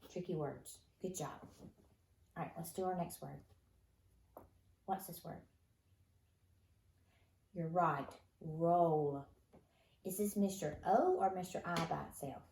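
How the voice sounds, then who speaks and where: Leading a phonics lesson for first graders, this woman stays patient and encouraging as she responds to the children's imagined answers. She has a fairly low pitch with a slightly mellow quality, recorded in an echoey room carrying faint noise.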